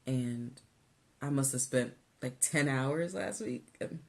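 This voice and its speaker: A woman co-hosting a casual weight-loss vlog, animated and laughing, tired from a busy week. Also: slow pace, vocal fry. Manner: animated, laughing, rising pitch when exasperated. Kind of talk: casual chat.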